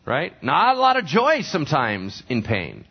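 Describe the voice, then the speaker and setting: A man's voice: on the high side, wildly swooping pitch, a little slow, gravelly, breathy edge. Guy pastor giving a chatty sermon, voice jumps all over, kinda muffled lo-fi sound. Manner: conversational, asks the congregation questions. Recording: dull lo-fi recording.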